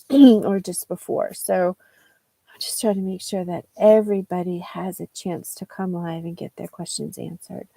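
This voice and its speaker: A woman's voice: lowish voice, creaky, dark tone, no echo. A woman with a New England American accent giving a chatty live-stream English lesson, rambling with many fillers and restarts. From United States. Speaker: English teacher.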